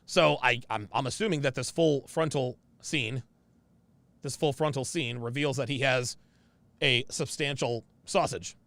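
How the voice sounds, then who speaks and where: A man's voice: mid-range voice, measured pace, a bit bright, dry recording. A man hosting a casual livestream, reading viewer comments aloud in a brash, emphatic way and repeating his phrases.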